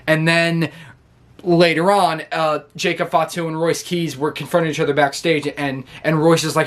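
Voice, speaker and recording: A man's voice: on the high side, level tone, normal speed, fairly bright tone. Giggly rambling man recapping wrestling. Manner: rambling, laughs often, acts out quotes. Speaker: wrestling show reviewer. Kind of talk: casual recap.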